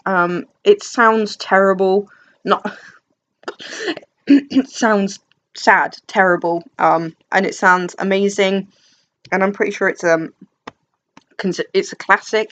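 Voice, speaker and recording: A young woman from England chatting casually about books, rambling and self-deprecating with many fillers and restarts. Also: medium pitch. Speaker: book vlogger. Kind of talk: casual chat. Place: dim room at home.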